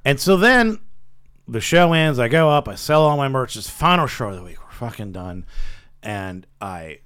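A man's voice: medium pitch, moderate pace, clean tone, no room sound, clean studio sound. A man who is a comedian, telling road stories on a casual podcast chat and swearing often. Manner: animated storyteller, swears a lot.

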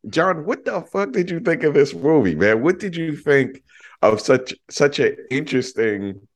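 A man talking casually and excitedly about a favorite movie on a podcast, with some swearing. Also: fairly high pitch, measured pace. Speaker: podcast co-host. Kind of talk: casual film discussion.

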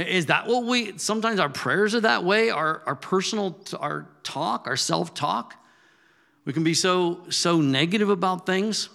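A man preaching a sermon in an animated storytelling manner, his voice rising loud when he makes a point. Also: sits high, a little slow, gravelly.

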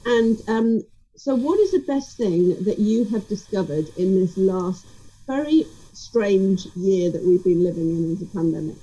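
A woman's voice: medium pitch, expressive, a little slow, warm tone, husky, highs cut off. A woman hosting a podcast, giving an upbeat scripted intro and then chatting with a remote guest. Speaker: podcast host.

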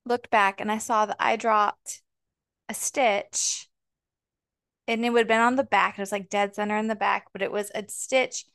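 A woman's voice: medium pitch, a bit bright, clear, resonant tone, no echo, studio quality. A woman in her forties co-hosting a podcast, chatting in a rambling way with many ums. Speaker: podcast co-host. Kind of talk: casual chat.

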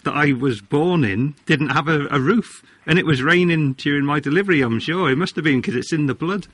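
A Welshman with a slightly high, husky voice, recorded close and dry. He co-presents a radio show and trades playful jokes with the guest. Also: brisk, a bit bright, no echo. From South Wales, Cardiff. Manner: jokey, playful. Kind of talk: casual radio banter.

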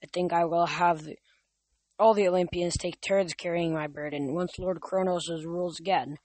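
Young man reads as a sneering immortal Titan, slow and booming, in a dry storybook reading. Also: steady tone, a little mellow, no echo, natural voice. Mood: gloating. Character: menacing Titan father, male, cruel and gloating.

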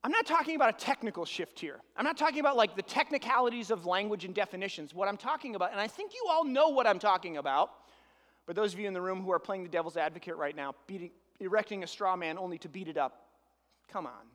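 A man preaching a sermon as pastor, animated, piling up rhetorical questions and swinging from loud emphasis to hushed asides. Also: high voice, fast talker, in a large hall.

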